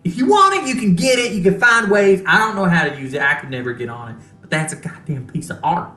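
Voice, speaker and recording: A game master voicing a foul-mouthed male starship mechanic who swears freely and speaks in plain, folksy grammar. The voice swings widely in pitch, carries a bright edge, and sits in a roomy, echoing space. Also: lively intonation, fast. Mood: indignant. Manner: blunt, profane, folksy grammar. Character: gruff crude male starship mechanic, fiercely protective of a classic ship. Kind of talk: tabletop role-play, game master voicing a character.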